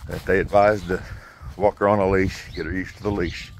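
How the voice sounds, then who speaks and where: Man, low voice, casual outdoor vlog chat, light noise. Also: flat delivery, moderate pace. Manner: easygoing, coaxes the dog between remarks. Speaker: vlogger walking a new puppy. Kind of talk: casual running commentary. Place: outdoors in a yard.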